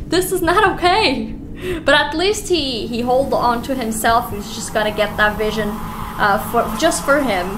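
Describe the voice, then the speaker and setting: A young woman streaming a horror game, reading the text aloud with animated, giggly reactions between stretches of calm narration. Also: on the high side, unhurried, background noise. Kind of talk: reading a horror visual novel aloud while playing.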